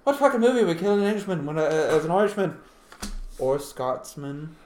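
Male host, casual drinking-game chat, teasing and profane, fairly high voice, echoey room, faint noise. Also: expressive, brisk, darkish tone. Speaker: podcast host.

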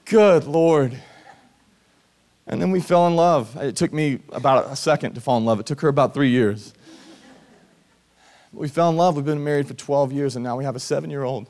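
Earnest pastor telling a personal story. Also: male voice, mid-range voice, fairly quick, a little mellow. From Georgia, USA. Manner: conversational, earnest, acts out quoted voices. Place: church service.

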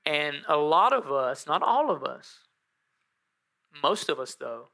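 Bright-voiced pastor joking in a sermon. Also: male voice, fairly high pitch, takes it slowly, vocal fry. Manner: animated storytelling with joking asides to the congregation.

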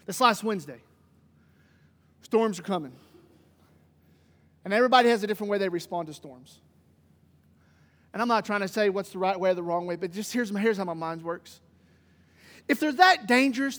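High-voiced preacher in a reverberant hall. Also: male voice, a little fast, pauses often. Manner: animated, swings from loud emphasis to hushed. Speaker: pastor. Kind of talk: sermon.

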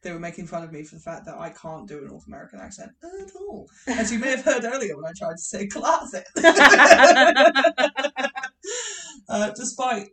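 A woman co-hosting a podcast in casual chat, giggly and animated, laughing a lot. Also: a little high, moderate pace. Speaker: podcast co-host.

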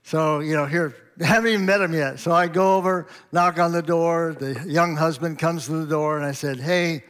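A man's voice: on the high side, steady tone, moderate pace, hardly any pauses, a bit bright, clear, resonant tone. Man preaching a folksy sermon story. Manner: conversational, anecdotal, with chuckles and quoted dialogue. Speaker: pastor.

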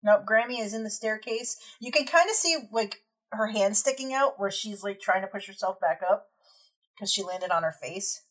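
Casting: woman game master, husky tone, mid pitch, casual rambling scene narration. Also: expressive, moderate pace, a bit bright, poor audio. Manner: loose descriptive narration full of "like" and "kinda".

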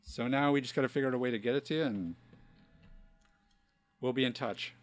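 A man co-hosting a casual podcast, talking in an earnest, relaxed way full of filler phrases. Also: mid-range voice, a little fast. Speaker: podcast co-host. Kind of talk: casual chat.

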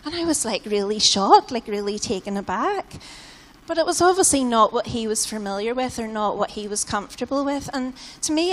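Chatty British woman preaching in a reverberant hall. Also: on the high side. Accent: British English. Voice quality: chatty, conversational, sprinkles in "like" and "you know". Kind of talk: sermon. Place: church hall. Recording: long hall reverb in a church.

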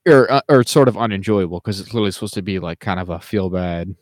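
In casual chat, a male podcast co-host rambles along, full of fillers and restarts. His voice is low and he talks fast. The recording is clean and studio-dry, with no room sound.

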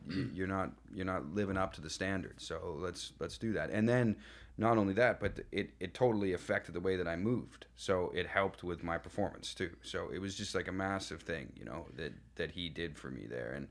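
A man's voice: deep voice, moderate pace. A man, an actor guest, telling casual anecdotes with lots of laughter and acted-out quotes. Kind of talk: casual storytelling chat.

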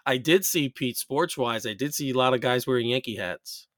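An American man hosts a casual podcast chat in a medium-pitched voice. He rambles through his points with frequent fillers and restarts. The sound is close and dry, with no room echo. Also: moderate pace. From United States. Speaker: podcast host. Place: New York.

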